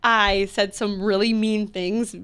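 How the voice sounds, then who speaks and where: A young woman in her twenties co-hosts a casual podcast chat, her voice sitting at an ordinary middle pitch. She tells stories with animated energy and leans on "like" constantly. She restarts her sentences often and laughs along the way. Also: slow, clean tone. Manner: animated storytelling, heavy use of "like", frequent restarts and laughs. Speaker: podcast co-host.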